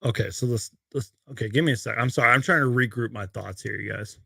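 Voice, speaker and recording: Young male fan host with a gravelly voice, live from his bedroom, bursts of excitement between rambling chat. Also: fast talker, no echo, studio quality. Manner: excitable, loud outbursts on highlights, then rambling. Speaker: sports fan show host. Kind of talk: live post-game fan stream. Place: bedroom at home.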